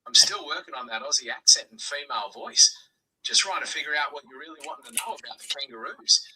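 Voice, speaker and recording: A man's voice: a little high, lively intonation, quick pace, a crowd in the background, poor audio. A synthetic male AI assistant voice, breezy and friendly, calling everyone mate. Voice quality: synthetic, evenly chipper. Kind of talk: synthetic conversational replies.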